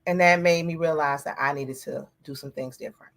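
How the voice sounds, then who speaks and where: A middle-aged woman candidly sharing a personal story of grief on a talk show, with many pauses and fillers. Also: low-pitched, fairly even intonation. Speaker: guest panelist.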